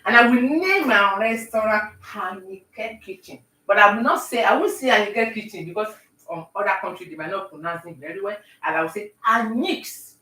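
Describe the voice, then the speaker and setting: A woman chatting with viewers on a live stream while she bakes at home, talking warmly and greeting people by name. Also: medium pitch, animated, brisk, roomy sound, far from the mic, poor audio. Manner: warm, talkative, talks to viewers by name. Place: home kitchen.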